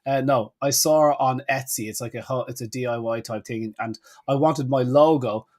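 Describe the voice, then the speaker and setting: A man's voice: mid-range voice, moderate pace, darkish tone. Chatty man telling a story. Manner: chatty storyteller, laughs often, acts out quotes. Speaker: podcast co-host. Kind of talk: casual chat.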